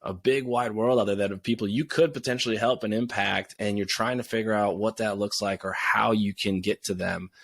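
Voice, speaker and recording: Man, low voice, reflective, podcast host, dry sound. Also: steady tone, a little fast, creaky, hardly any pauses, no room sound. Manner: reflective, thoughtful, agreeable. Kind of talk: casual podcast conversation.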